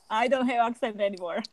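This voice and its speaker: A woman's voice: a little high, normal speed, over a noisy crowd. Woman with a Slovak accent, laughing easily. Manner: laughs easily, self-deprecating. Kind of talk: casual group chat.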